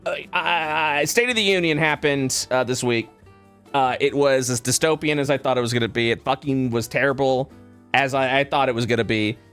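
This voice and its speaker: A man's voice: mid-range voice, brisk, a bit bright, clean tone, faint music behind. A man co-hosting a casual podcast, ranting and swearing a lot and repeating himself. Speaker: podcast co-host.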